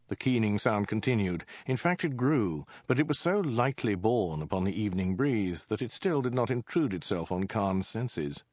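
Man, comic story narration, low voice, dry close sound, dull lo-fi. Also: animated, normal speed, few pauses, a little mellow, no echo.

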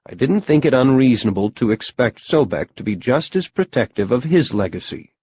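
A man reads a first-person adventure audiobook, telling it wryly and matter-of-factly. His voice sits at a middling pitch for a man. The recording sounds somewhat dull and lo-fi. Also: a little mellow, husky. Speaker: audiobook narrator.

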